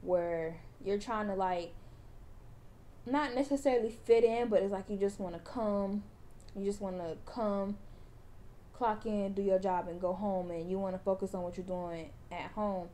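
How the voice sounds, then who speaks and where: A woman's voice: mid-range voice, steady tone, unhurried, warm tone. A young woman vlogger chatting casually to her viewers, calling them y'all and restarting her phrases as she goes. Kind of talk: casual vlog chat and encouragement.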